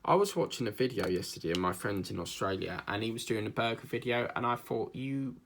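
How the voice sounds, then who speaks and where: Gravelly-voiced man chatting casually. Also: on the low side, animated, quick pace, a bit bright, slight background noise. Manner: chatty, digressive, jokey, with many fillers. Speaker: craft channel host. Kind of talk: casual rambling chat while crafting.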